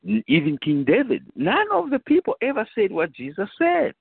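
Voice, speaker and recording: A man's voice: high-pitched, huge pitch swings, moderate pace, creaky, slightly rough. A man preaching a conversational sermon, often asking "you know" and repeating phrases for emphasis. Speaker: bishop preaching. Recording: tinny phone line, dry.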